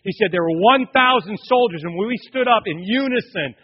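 A middle-aged male pastor preaching a sermon, swinging from loud declarations to hushed, near-whispered passages. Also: high-pitched, animated, moderate pace, husky. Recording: lo-fi church sound with long reverb.

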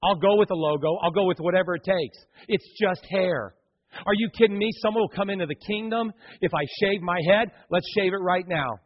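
A middle-aged man preaching a sermon, telling stories dramatically and swinging from hushed tones to loud, fervent appeals. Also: high-pitched, a little fast. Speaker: pastor. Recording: dull lo-fi recording.

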